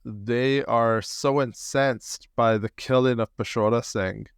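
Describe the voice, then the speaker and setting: A man's voice: mid-range voice, fairly even intonation, slow, creaky, smooth, dry recording, studio quality. A man, a guest historian on a podcast, recounting events in vivid, detailed storytelling with the odd filler.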